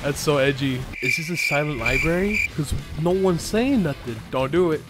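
A young man giving excitable commentary over his gameplay, laughing and yelping often. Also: fairly high pitch, moderate pace, loud music behind the voice. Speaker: gaming YouTuber.

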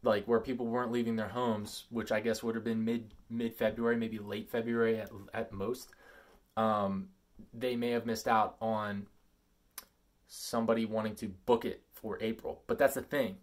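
A man talking casually in a vlog, reading out an email and commenting on it, with emphatic loud stresses and quieter asides. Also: normal speed. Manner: animated and emphatic, swinging between loud stresses and low asides. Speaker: vlogger.

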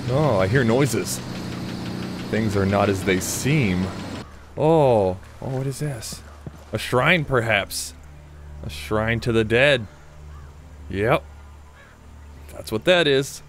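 Animated man doing playful game commentary. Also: mid-range voice, takes it slowly, long pauses, slight background noise. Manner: joking, mock-dramatic, taunts enemies. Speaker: gaming video creator.

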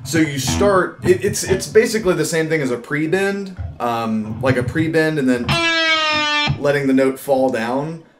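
A man's voice: on the high side, unhurried. Man giving a rambling guitar lesson. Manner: rambling, relaxed, many fillers and restarts. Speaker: guitar teacher. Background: loud electric guitar playing.

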